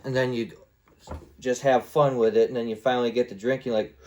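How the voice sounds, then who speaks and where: On his own podcast, a man rambles through stories in a casual monologue, now and then acting out little voices and sound effects. He speaks briskly at medium pitch, with a darkish tone and fairly even intonation.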